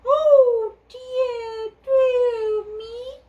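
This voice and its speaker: A woman's voice: fairly even intonation, warm tone, lo-fi sound, exaggerated voice. A woman doing a wise old hooting owl. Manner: high fluttery hooting, drawn-out. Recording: echoey room, distant mic.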